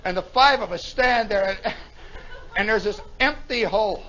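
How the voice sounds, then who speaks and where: A man telling a story live at a nightclub, animated, acting out sound effects and voices as a radio host, on a dull 1960s recording. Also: high-pitched, moderate pace, noisy background.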